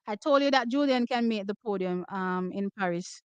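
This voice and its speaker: A Jamaican woman hosting a watch party, reacting live to races with loud, excitable exclamations and slipping between patois and English. Her voice is hoarse and giving out. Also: mid-range voice, normal speed, dry recording, rough recording. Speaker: track and field watch-party host. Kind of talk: live race reaction commentary.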